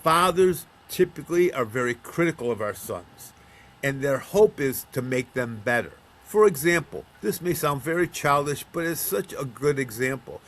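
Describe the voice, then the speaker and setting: A middle-aged or older man from Buffalo, New York, who counsels men, speaks as a guest in a relaxed interview. His voice is medium-pitched and fairly bright, with lively intonation and a moderate pace, and he acts out other people's voices while telling stories.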